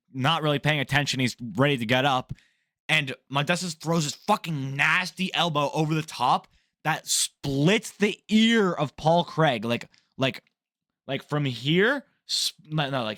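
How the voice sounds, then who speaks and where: Young male MMA news host: casual, profane, opinionated ranting. Voice sits slightly high. Dry, close recording. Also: measured pace, dry recording. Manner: blunt, profane, animated ranting.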